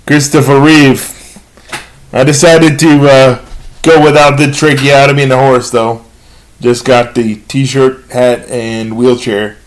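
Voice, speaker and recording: A man telling a self-deprecating comedy monologue, halting with many pauses and fillers. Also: medium pitch, poor audio. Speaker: amateur comedian.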